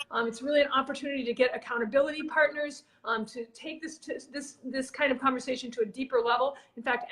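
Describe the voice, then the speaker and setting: A woman's voice: high voice, fairly bright tone. A woman co-hosting a casual live video chat on marketing, rambling with fillers and restarts. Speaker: marketing coach and co-host.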